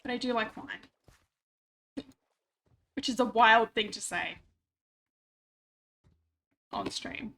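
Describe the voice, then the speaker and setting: A woman's voice: on the high side, extremely slow, long pauses, fairly bright tone. A woman with a stuffy nose, chatting casually and rambling with self-mocking asides while she streams a game at home on a desk microphone. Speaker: livestreamer. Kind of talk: casual chat while gaming.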